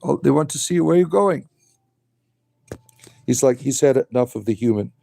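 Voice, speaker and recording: A man's voice: medium pitch, lively intonation, normal speed, creaky, warm tone, dry recording. A man hosting a casual live stream, chatting playfully and coaxing his pet rabbits in a sing-song voice. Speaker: livestream host. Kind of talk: casual live chat with pets.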